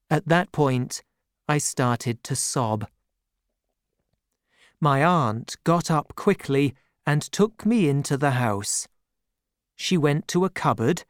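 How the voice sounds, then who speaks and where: Low, unhurried woman storyteller. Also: no echo, clean studio sound. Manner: measured, expressive reading. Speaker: narrator. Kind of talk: scripted storybook narration.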